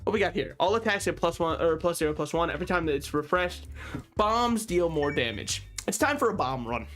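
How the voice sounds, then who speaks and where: A man's voice: fairly high pitch, expressive, fairly quick, fairly bright tone, faint music behind. A young man streaming a video game, joking and rambling in loose, swearing chatter. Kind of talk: casual gaming stream chatter.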